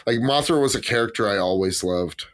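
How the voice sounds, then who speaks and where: A man's voice: lowish voice, lively intonation, a little fast. A man co-hosting a casual podcast chat, laid-back and giggly. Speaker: podcast co-host.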